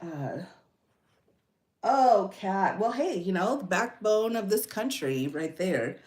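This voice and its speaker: Lively, echoey woman host reading bills. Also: medium pitch, takes it slowly. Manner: giggly, reads bills aloud and reacts. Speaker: legal commentary host. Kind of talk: casual livestream commentary.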